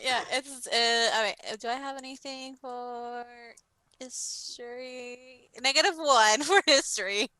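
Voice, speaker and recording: A woman playing a tabletop game in a bright, crisp, fairly high voice. She speaks slowly and thinks out loud, with frequent giggles. The sound is dry and close. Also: no room sound, rough recording. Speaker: player. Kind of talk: casual tabletop game chat.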